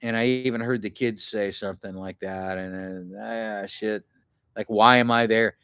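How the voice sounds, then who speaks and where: A man vlogging to camera, telling a rambling, profane camping story in a casual way and acting out what other people shouted. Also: on the low side, steady tone, moderate pace, smooth, no echo, studio quality. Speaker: outdoor adventure vlogger.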